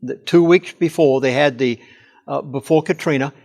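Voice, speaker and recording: A man's voice: on the high side, moderate pace, darkish tone. An older man, a pastor, speaking earnestly and emphatically in a studio interview and leaning hard on key words. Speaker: pastor and chaplain.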